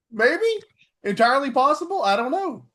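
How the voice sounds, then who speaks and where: A man's voice: extremely high pitch, a bit bright. Laid-back, teasing podcast co-host man. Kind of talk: casual chat.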